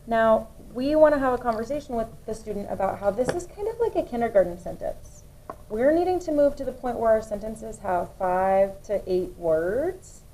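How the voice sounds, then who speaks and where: A young woman teaching first grade, explaining summer practice steps to parents and slowly sounding out words. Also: a little high, mellow, rough recording. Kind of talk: instructional walkthrough for parents.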